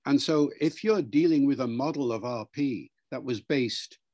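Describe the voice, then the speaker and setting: An older professor from Wales with a mixed British accent of Welsh, Liverpool and RP features, explaining in an interview in a measured, lecturing way and sounding out words as examples. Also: male voice, mid-range voice, darkish tone, no echo. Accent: mixed British, Welsh and Liverpool with some RP.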